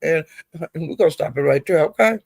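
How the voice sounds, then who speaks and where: Woman, gravelly voice, dry close sound, profane livestream rant, greets chat. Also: low voice, a little fast, no echo. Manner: animated, profane, rambling, greets chat viewers. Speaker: live streamer.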